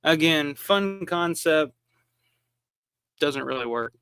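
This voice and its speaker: A man's voice: a little high, animated, slow, pushed and bright, clear, resonant tone, no echo. A man from the American South hosting a live watch-along, giving casual film commentary with lots of restarts and fillers. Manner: rambling, frequent restarts and fillers. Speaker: live stream host.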